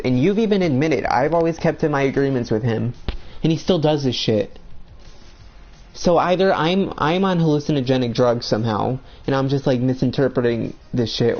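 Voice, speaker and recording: A man's voice: mid-range voice, normal speed, dull audio. A young man ranting bluntly about friends while playing a video game, swearing a lot in a heated, agitated way.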